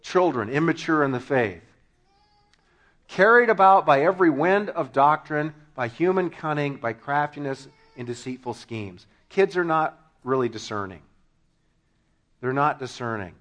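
A man preaching a sermon to his congregation, telling funny stories with sudden shouted punchlines and laughing along. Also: a little high, animated, measured pace. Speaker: pastor.

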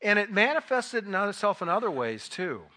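A man preaching a sermon in a conversational storytelling way, now and then rising into loud, acted bursts. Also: high-pitched, very animated, brisk. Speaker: pastor. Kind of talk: sermon with personal anecdote.

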